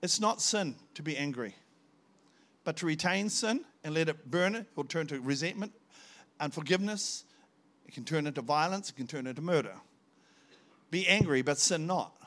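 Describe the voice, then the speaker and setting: A man's voice: on the high side, animated, moderate pace, pauses often, fairly bright tone. Fervent New preacher man. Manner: fervent storytelling, rising to emphatic peaks. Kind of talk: testimony sermon.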